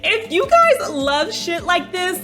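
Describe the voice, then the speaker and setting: A woman chatting casually as she recaps a TV episode, animated and playful, bursting into dramatic emphasis and swearing bluntly. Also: very high-pitched, slow, raised voice, loud music behind the voice. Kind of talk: casual chat.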